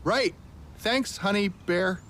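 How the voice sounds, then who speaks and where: A man's voice: sits high, slow, a bit bright, slight background noise. A man playing an easygoing husband in a radio ad, sounding casual and puzzled. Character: easygoing husband mowing the lawn. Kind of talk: scripted radio ad.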